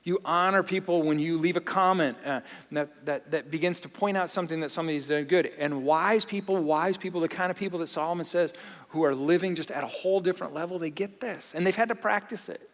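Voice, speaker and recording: A man preaching a sermon in a church, animated, often repeating and restarting his phrases. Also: fairly high pitch, quick pace. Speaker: pastor. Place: church auditorium. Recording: long reverb of a large hall.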